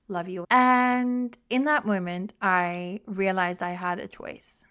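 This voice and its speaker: Smooth-voiced woman podcaster, frank and swearing. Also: medium pitch, a bit bright. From South Africa. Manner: frank, self-mocking, swears freely. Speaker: podcast host. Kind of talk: candid solo podcast storytelling.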